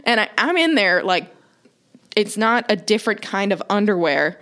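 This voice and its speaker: A young woman co-hosting a casual podcast chat, telling a story in an animated way and acting out the voices of the people in it. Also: medium pitch, moderate pace. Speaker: podcast co-host.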